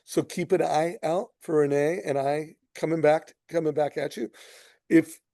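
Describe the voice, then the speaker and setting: Gravelly enthusiastic male host. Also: on the high side, fairly even intonation, measured pace, dark tone, no echo, clean studio sound. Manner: enthusiastic, addresses viewers as guys. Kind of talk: interview hosting.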